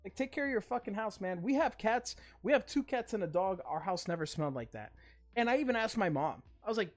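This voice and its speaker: A man's voice: high voice, very animated, fast talker, faint music behind. Profane ranting male livestream host. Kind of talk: casual livestream chat.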